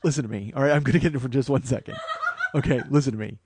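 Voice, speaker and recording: A man in his forties hosting a comedy podcast, ranting with heavy profanity and loud outbursts. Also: mid-range voice, rapid-fire, background noise. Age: 40s.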